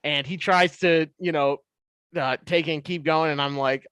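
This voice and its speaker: A man in his twenties, a podcast guest, telling stories in a casual, animated way. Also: fairly high pitch, fairly quick, clear, resonant tone, dry recording. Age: 20s. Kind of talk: casual storytelling.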